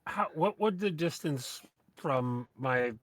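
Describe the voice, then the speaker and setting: A man playing a tabletop game, calm and thoughtful, planning his moves out loud. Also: a little high, slow, no room sound. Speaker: player.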